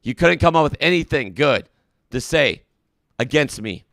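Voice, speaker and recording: A man's voice: a little high, animated, moderate pace, fairly bright tone, dry recording, clean studio sound. A man hosting a comedic mock call-in hotline, indignant, preachy and exasperated with his callers. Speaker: call-in show host.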